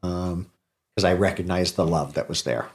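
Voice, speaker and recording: A man's voice: deep voice, steady tone, normal speed. A middle-aged man, a podcast host, talking in a casual, heartfelt conversation, candid and self-deprecating and swearing freely.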